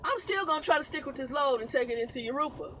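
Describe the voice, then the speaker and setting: A woman tells a trucking story in a casual vlog, exasperated, cursing and laughing as she goes. Her voice is bright, sits a little high, and a faint hum of vehicle noise runs behind it. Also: animated, fast talker, poor audio. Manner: exasperated, vents with laughs and swearing. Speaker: truck driver vlogger. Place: inside a truck.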